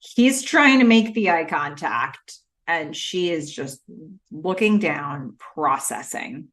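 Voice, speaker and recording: A woman co-hosting a casual recap podcast with a lively, swooping voice. She talks in quick bursts and jumps into the characters' lines as she retells a scene. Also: low-pitched. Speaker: podcast co-host.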